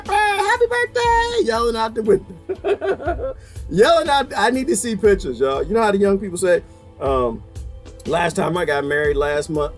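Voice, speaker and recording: A man delivering an exasperated comedic rant to camera, laughing often as he goes. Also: sits high. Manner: animated, exasperated ranting with frequent laughter. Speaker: vlogger.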